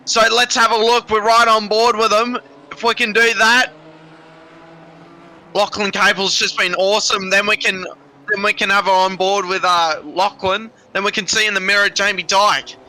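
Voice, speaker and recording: A man calling a sim race live, excitable and rambling, a little out of breath. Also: sits high, normal speed. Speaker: sim racing commentator. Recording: noisy background.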